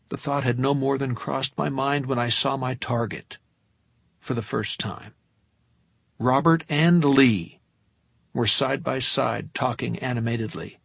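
A man narrating a novel in the first person, measured and tense. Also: medium pitch, creaky, a bit bright, slightly rough, no room sound, clean studio sound. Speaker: audiobook narrator.

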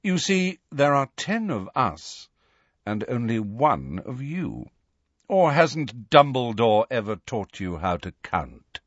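A man voicing a cold, sneering aristocratic male villain with a slow drawl in an audiobook reading. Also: medium pitch, very animated, no echo, muffled recording.

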